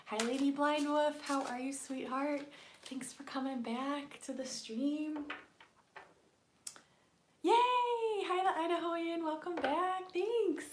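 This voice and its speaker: Bubbly woman hushing her voice. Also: high voice, slow, reverberant, slight background noise. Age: adult with a young daughter. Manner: bubbly, giggly, often drops to a hushed voice. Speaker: tarot reader streaming live. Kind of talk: casual live-stream chat. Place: home workspace at night.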